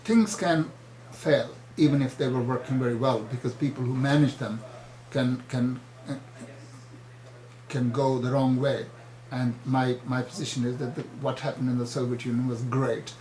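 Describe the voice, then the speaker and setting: An older man answering interview questions firmly and insistently, often halting mid-sentence. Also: medium pitch, fairly even intonation, a little mellow, echoey room, low-quality recording. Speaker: party chairman, interview guest.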